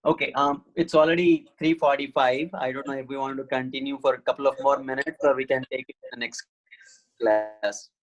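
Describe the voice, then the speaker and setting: A man's voice: mid-range voice, steady tone, a little fast, muffled recording. A man teaching a Sanskrit writing class over a video call, explaining patiently to students.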